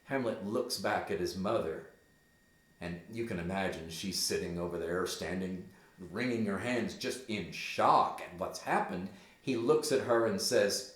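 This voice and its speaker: Unhurried man explaining a play. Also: sits low. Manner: casual, explanatory asides. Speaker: teacher. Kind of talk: reading a play aloud with commentary. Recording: echoey room.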